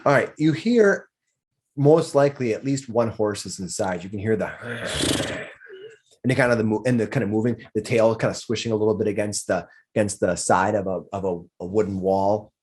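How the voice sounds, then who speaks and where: A man's voice: lowish voice, brisk, darkish tone, husky. A man running a tabletop game as game master, describing scenes with frequent restarts.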